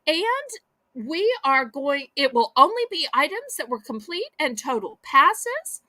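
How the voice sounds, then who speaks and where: Her voice high and sing-song, bouncing across a wide range, a woman runs a live online auction with slow, drawn-out, chatty and folksy sales patter. The bright edge of her voice is starting to fray as she loses it. The sound is close and dry, with no room around it.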